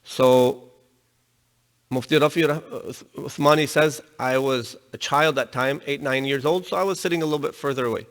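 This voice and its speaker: A man giving a religious lecture, telling a story in an animated way and raising his voice to stress his points. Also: mid-range voice, moderate pace. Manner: animated storytelling, voice rising with emphasis. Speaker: religious teacher. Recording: long reverb in a hall.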